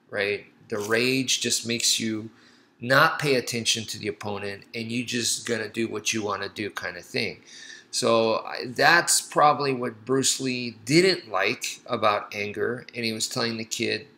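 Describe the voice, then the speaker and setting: A man's voice: medium pitch, gravelly, sharp tone, rough recording. A man who teaches martial arts, talking casually and thoughtfully, telling a story and acting out quoted lines as he explains.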